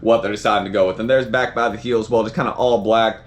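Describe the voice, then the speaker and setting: Fast-talking Southern sneaker vlogger. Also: male voice, on the low side, steady tone. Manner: rambling, upbeat, lots of fillers like "right?". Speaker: sneaker reviewer. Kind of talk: casual unboxing vlog.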